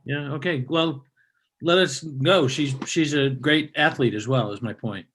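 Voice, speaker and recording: A man's voice: mid-range voice, measured pace, fairly bright tone, a little hiss or hum. A man hosting an online comedy show, introducing acts with joking, casual banter over a video call. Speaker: show host.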